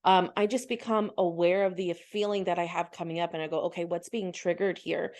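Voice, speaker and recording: A woman's voice: on the low side, steady tone, a little fast, darkish tone. A woman guest on a podcast, earnestly explaining her healing practice and voicing her own inner thoughts as she goes. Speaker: podcast guest, spiritual healer. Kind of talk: conversational interview.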